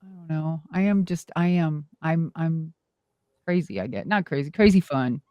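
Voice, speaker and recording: A middle-aged woman, a former wrestler and monster truck driver, telling stories in an animated, exclamatory way as an interview guest. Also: low-pitched, moderate pace, no echo, dull audio. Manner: animated, exclamatory, acts out quoted dialogue. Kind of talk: casual storytelling interview.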